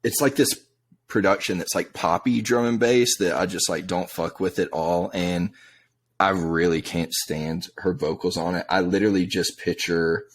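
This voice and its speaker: A man's voice: low-pitched, steady tone, normal speed. A young man co-hosting a music review podcast, bluntly mocking songs with swearing and laughter. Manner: blunt, profane, mocking, laughs while talking. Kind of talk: casual chat.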